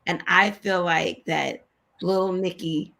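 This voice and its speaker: Woman co-host, gravelly, emotional and sincere, casual chat over a video call. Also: lowish voice, steady tone, slow, bright, forceful tone. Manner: emotional, sincere, repeats herself. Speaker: co-host of a women's online talk show.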